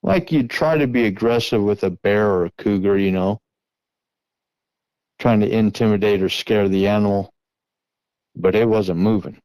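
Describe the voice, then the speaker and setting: Lower-voiced man telling a tense story. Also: normal speed, pauses often, clean tone, no room sound, rough recording. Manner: earnest, tense retelling with shouted reenactments. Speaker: guest recounting an encounter. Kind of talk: first-person storytelling.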